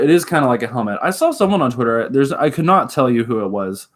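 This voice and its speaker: A man's voice: mid-range voice, lively intonation, quick pace, few pauses. A man from Oklahoma chatting casually with live viewers on his stream, rambling, giggling often and leaning on filler words. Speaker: livestreamer.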